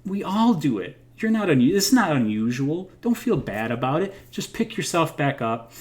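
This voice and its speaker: A man's voice: fairly high pitch, big pitch swings, moderate pace, darkish tone. Earnest man giving encouraging advice. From United States. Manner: earnest, encouraging, with self-deprecating laughs. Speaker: host of a livestream. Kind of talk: casual motivational talk. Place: home.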